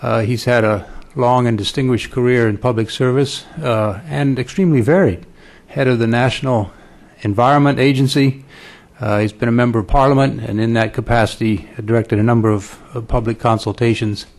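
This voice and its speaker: A man moderating a conference panel, reading out speakers' credentials. His delivery is halting and full of hesitations, at an ordinary middle pitch. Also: steady tone, a little mellow. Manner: halting, many "uh" fillers. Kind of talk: formal speaker introduction. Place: conference room.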